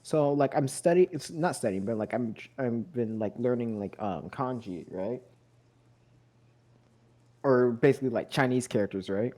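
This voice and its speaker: A man's voice: mid-range voice, moderate pace, mellow. Hesitant young man full of ums. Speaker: podcast guest. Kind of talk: casual chat.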